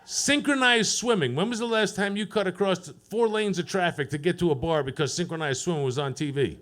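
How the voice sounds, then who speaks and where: A man doing a profane stand-up set at an open mic, deadpan and teasing the crowd. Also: a little high, quick pace. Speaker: stand-up comedian. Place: comedy club stage.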